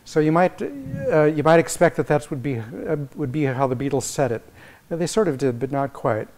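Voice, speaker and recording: A man, a visiting music professor, giving an academic lecture and explaining ideas as he thinks them through, with many halting restarts. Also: a little high, lively intonation, darkish tone, slight background noise. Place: lecture hall.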